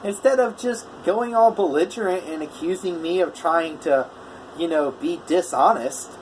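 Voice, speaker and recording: A welder man talking straight to the camera in a casual vlog, retelling a customer dispute. He jumps between his own even voice and the other man's heated lines. A faint hum sits under the voice. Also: on the high side, normal speed, low-quality recording. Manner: animated retelling, quoting both sides of a phone argument. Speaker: welder telling a customer story.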